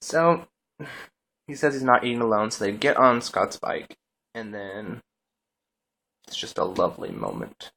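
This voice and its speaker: A man's voice: fairly low pitch, animated, unhurried, creaky, long pauses, sharp tone. A young man casually recapping a TV episode, rambling through scenes with lots of "he's like" retellings. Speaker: TV episode reviewer.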